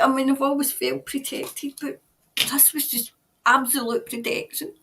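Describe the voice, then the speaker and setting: A woman's voice: high voice, level tone, moderate pace, gravelly, pushed and bright, slight background noise. A Scottish woman hosting a tarot reading video, emotional and stopping often to compose herself. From Scotland. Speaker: tarot reader host.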